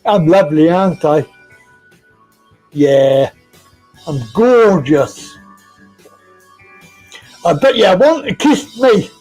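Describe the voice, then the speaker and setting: A man's voice: sits high, animated, darkish tone, soft background music, voice pushed down, exaggerated voice, low-quality recording. A man putting on a vain flirty lady. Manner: coy, teasing, slow and drawn out.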